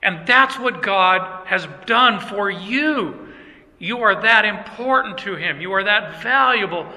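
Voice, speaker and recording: High, bright-voiced older male pastor preaching. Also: expressive, slow pace. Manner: conversational, joking preaching with asides to the congregation. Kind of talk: sermon. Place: church. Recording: long church reverb.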